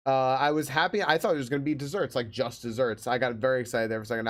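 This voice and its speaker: A man's voice: medium pitch, quick pace, few pauses, a bit bright. A male streamer reads a heavy old text aloud on a live stream. He stumbles, stops to joke and curse at the page, and carries on in an everyday conversational voice. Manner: stumbling, swearing, exasperated asides while reading. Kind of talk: casual live-stream chat, reading aloud.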